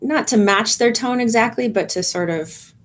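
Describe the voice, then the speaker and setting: A woman chaplain giving a gentle training talk to volunteers, calm and explaining, with frequent ums and restarts. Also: on the high side, moderate pace, slight background noise.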